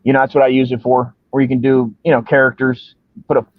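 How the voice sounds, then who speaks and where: A man's voice: mid-range voice, flat delivery, quick pace, no echo. A man hosting a casual live stream, talking in friendly slang and calling his guest brother and man. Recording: dry, dull lo-fi sound.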